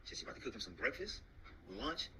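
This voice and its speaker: Bright-voiced joking man on a livestream. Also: mid-range voice, very animated, fast, slight background noise, poor audio. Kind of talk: casual livestream chat.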